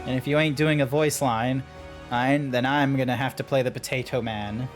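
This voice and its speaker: A man's voice: mid-range voice, steady tone, normal speed, music in the background. A man streaming a game and chatting casually with friends, rambling, swearing and laughing easily. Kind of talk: casual chat while gaming.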